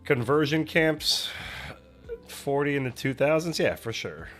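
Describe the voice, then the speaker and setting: A man's voice: on the high side, expressive, unhurried, fairly bright tone. A young adult man streaming from home, chatting casually while he paints, in a rambling, self-deprecating way. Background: faint music.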